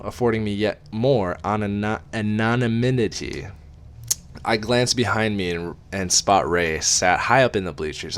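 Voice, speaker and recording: A man's voice: low voice, a bit bright. A man reading a novel aloud in a casual amateur way, with wry asides and casual swearing.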